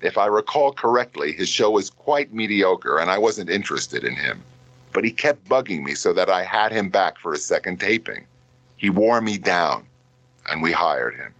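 A man reading a book passage aloud in a steady, plain way. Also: sits low, normal speed, no room sound, muffled recording.

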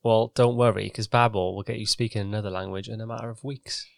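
A man's voice: lowish voice, fairly even intonation, fast, gravelly, no echo, studio quality. A young Welsh man co-hosting a podcast, chatting casually and joking through a sponsor read. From Wales. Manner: joking, easygoing, chuckles a lot. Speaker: podcast co-host.

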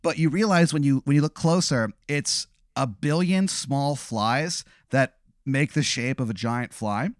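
A man's voice: medium pitch, a little slow, few pauses, no room sound, studio quality. A man hosting and telling a vivid, profane, rambling hypothetical story to his guest. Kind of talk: improvised second-person storytelling.

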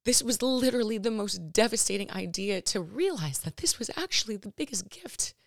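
A woman's voice: mid-range voice, lively intonation, a little fast, creaky, dry recording, studio quality. A woman hosting her own podcast, talking earnestly and emotionally about her life, with lots of fillers and restarts. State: near tears at times. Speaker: podcast host. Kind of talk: personal reflective monologue.

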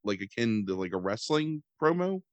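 A man's voice: on the low side, sing-song, normal speed, dry recording, highs cut off. A man chatting casually as a podcast host about a movie, rambling and sarcastic, swearing and filling gaps with "um" and "like.". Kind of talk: casual chat.

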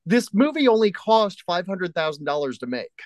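Man with a slightly high voice, podcast host. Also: very animated, moderate pace, dry recording, rough recording. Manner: easygoing, reads facts aloud from online. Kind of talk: casual movie-review chat.

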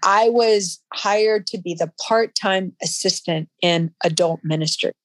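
Low-voiced woman telling her story haltingly. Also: no echo. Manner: halting, emotional, frequent restarts. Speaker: guest. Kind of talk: personal story in an interview.

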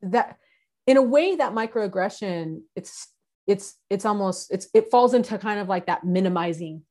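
A woman's voice: medium pitch, expressive, normal speed, a little mellow. A woman from San Diego in casual conversation, explaining her points earnestly. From San Diego, United States.

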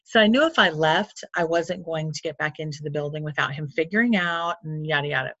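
A woman's voice: sits low, fairly quick, a bit bright, no echo. A woman from Florida who works with clients, telling a personal story in a candid, chatty way full of asides. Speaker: coach or counselor. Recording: dull lo-fi sound.

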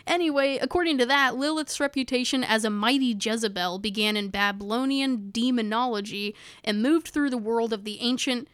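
A woman's voice: fairly high pitch, fairly quick, hardly any pauses, a bit bright, smooth, no echo. A woman co-hosting a casual podcast, chatting and reading from notes, rambling and stumbling over hard words while she laughs along. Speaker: podcast co-host.

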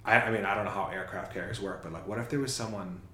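A man's voice: sits low, quick pace, reverberant, noisy background. A man casually retelling a film's plot in a rambling, self-correcting way on a chat show. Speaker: podcast co-host. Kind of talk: casual movie recap chat.

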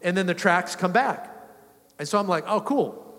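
Animated male pastor in a reverberant church. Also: high voice, normal speed. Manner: conversational, animated, chuckling often. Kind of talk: storytelling sermon. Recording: long reverb of a church hall.

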